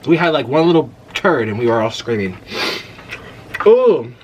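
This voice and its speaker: A young man hosting a casual eating vlog, talking freely and letting out loud exclamations as he tries spicy food. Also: mid-range voice, animated, quick pace, noisy background. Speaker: mukbang host.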